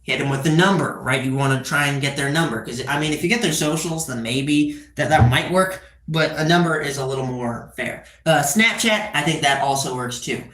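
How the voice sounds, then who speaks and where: A man's voice: mid-range voice, normal speed, hardly any pauses, fairly bright tone, roomy sound. A twenty-year-old man chatting casually on a live stream, rambling with crude joking asides and tagging "right?" onto his sentences. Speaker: livestreamer.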